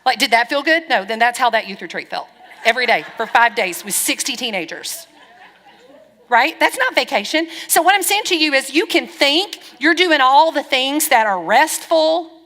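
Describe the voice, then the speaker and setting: Bright-voiced woman pastor preaching. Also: sits high, moderate pace. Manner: lively, frank, wry storytelling with quoted dialogue. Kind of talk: sermon. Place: church hall. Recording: long church-hall reverb.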